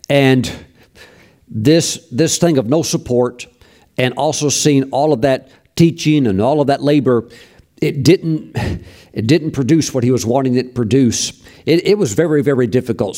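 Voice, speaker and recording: A man preaching a sermon as pastor, emphatic and repetitive, often acting out other people's voices in a high plea. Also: dark tone. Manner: repeats phrases, frequent restarts.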